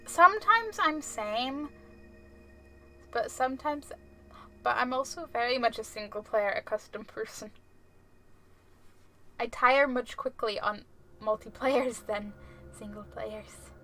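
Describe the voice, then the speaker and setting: A woman's voice: a little high, steady tone, unhurried, long pauses, a bit bright. A woman streamer giving casual, jokey gameplay commentary, chatty, swearing freely and laughing often.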